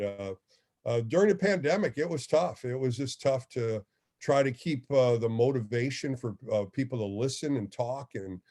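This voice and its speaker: A former ballplayer turned radio host telling stories in a casual interview, acting out the people he quotes. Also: medium pitch. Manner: animated storyteller, acts out quoted dialogue.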